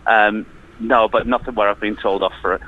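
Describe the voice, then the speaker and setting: A man guesting on a radio show as a comedian, answering in short, halting replies with frequent hesitations. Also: lowish voice, steady tone, phone-quality sound. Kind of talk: casual chat.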